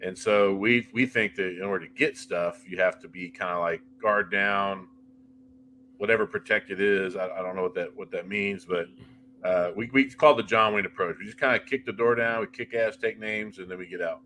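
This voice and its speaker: A middle-aged man with a low, bright, forceful voice tells ghost-hunting stories in an animated, anecdotal way, restarting sentences as he goes. He talks freely and casually. A faint hiss sits under his voice. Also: normal speed. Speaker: paranormal investigator guest. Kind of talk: casual interview chat.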